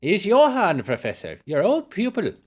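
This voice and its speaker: A man voicing an elderly female housekeeper, kindly and fussy, with a put-on German accent and a high fluttery voice. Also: huge pitch swings, moderate pace, darkish tone, exaggerated voice. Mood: coaxing.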